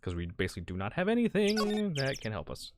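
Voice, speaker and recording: Casual streamer with quiet asides. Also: medium pitch, huge pitch swings, fast talker, background noise. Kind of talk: casual let's-play commentary.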